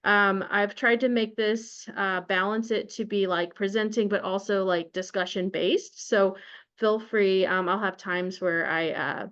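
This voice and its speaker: A woman's voice: mid-range voice, steady tone, measured pace, fairly bright tone, clear, resonant tone, lo-fi sound. A young woman hosting an online book study in a chatty, casual way, with plenty of fillers and restarts. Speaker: study group host.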